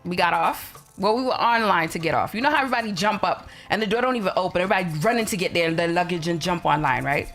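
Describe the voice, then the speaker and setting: A woman's voice: fairly low pitch, lively intonation, quick pace, few pauses, a bit bright, faint music behind. A woman hosting a live stream chat, laughing often and telling stories with animation. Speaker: host. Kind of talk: casual chat.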